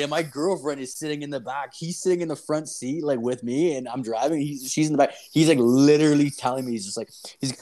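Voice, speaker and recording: Man from Canada, loud swearing storyteller, mid pitch. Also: fairly quick. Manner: constant swearing, animated and loud. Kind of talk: casual storytelling.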